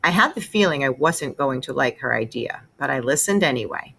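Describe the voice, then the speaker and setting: A woman reading a children's novel aloud, expressive and storytelling. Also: very deep voice, a little fast, gravelly. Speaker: read-aloud narrator.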